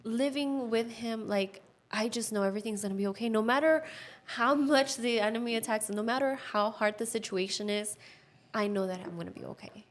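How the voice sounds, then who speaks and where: A woman in her thirties giving a personal testimony as a podcast guest, earnest and heartfelt, with lots of "like" fillers and a hushed voice at tender moments. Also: a little high, brisk. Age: 30s. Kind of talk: personal testimony in casual conversation.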